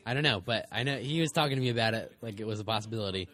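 A young man from the United States hosting a college radio show, bantering playfully with a co-host, teasing and halting with many fillers. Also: lowish voice, fairly bright tone.

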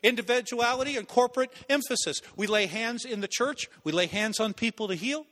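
A man preaching a sermon, telling stories in an animated way and acting out voices. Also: very high voice, fairly quick, big-room sound. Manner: animated, acts out voices and laughs at own stories. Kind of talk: sermon with storytelling.

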